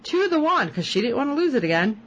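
A woman's voice: sits high, fast, dull audio, a little hiss or hum. A woman co-hosting a podcast, chatting casually as she recaps a TV episode and acts out quoted lines. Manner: animated, retells scenes with quoted lines. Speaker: podcast co-host.

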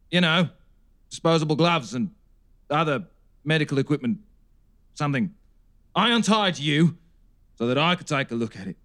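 A man's voice: on the high side, a bit bright. A man playing a whiny self-pitying doctor. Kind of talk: comedy audio drama.

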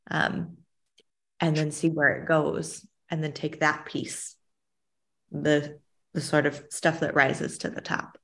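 A woman's voice: low voice, a bit bright. A woman leading a writing workshop, speaking in an encouraging, reassuring way over a video call. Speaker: workshop facilitator. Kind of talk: casual group coaching.

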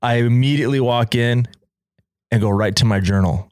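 A young man telling a story in a casual chat, animated and laughing often as he acts out quoted lines. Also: mid-range voice, normal speed, dry recording, clean studio sound. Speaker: podcast guest telling a story.

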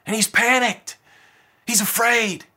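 A man's voice: extremely high pitch, steady tone, slow pace, bright, forceful tone. A male pastor preaching a sermon in an emphatic, rousing, repetitive manner.

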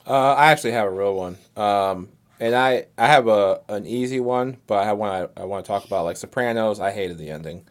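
A young man in casual podcast chat, telling animated, profane stories about TV endings. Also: fairly low pitch, fairly quick, few pauses. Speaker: podcast co-host.

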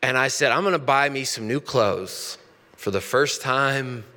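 A man's voice: medium pitch, unhurried, pushed and bright, in a large hall. A man in his thirties, a pastor, preaching a sermon in a conversational storytelling way that builds into passionate preaching.

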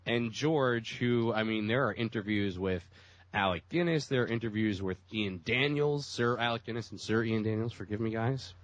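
A man's voice: lowish voice, moderate pace, no echo, lo-fi sound. A man with a cold, rambling and laughing in casual podcast chat. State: has a cold. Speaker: podcast co-host.

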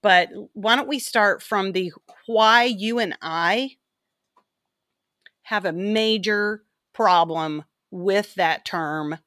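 A woman hosting a podcast in casual chat, playful and bubbly, with quick asides to her co-host. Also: medium pitch, fairly bright tone, dry recording, clean studio sound.

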